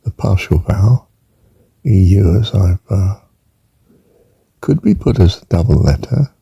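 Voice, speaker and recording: A man's voice: sits low, animated, measured pace, vocal fry, dark tone, breathy edge, no echo, dull audio. An older man giving an informal spelling lesson, rambling and musing aloud, drawing out words as he says them and adding chuckling asides. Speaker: teacher.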